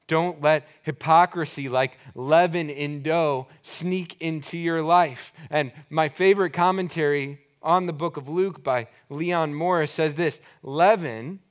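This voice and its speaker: Male pastor, sermon, earnest explaining, slightly high voice, slows for emphasis. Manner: slows down to stress key words.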